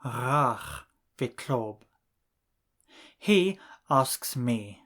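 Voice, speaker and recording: A male language teacher works through a scripted lesson at an extremely unhurried pace. He says each phrase deliberately and leaves pauses for the listener to repeat it. His pitch sits in a middle range. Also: very animated, a bit bright. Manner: slow, deliberate drilling with pauses for repetition.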